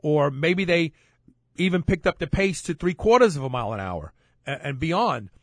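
A man's voice: on the high side, sing-song, moderate pace, no echo, studio quality. A man hosting a talk show, speaking in a casual, rambling monologue with frequent restarts. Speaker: podcast host.

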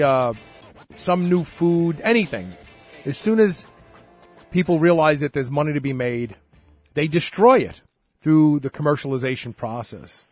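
A man's voice: a little high, darkish tone. A man hosting a radio interview show, talking casually with many repeated words and fillers.

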